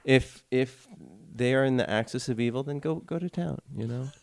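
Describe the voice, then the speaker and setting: A man co-hosting a podcast, teasing his co-hosts in a dry way during casual chat, with a gravelly voice. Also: medium pitch, normal speed, darkish tone, no room sound. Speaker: podcast co-host.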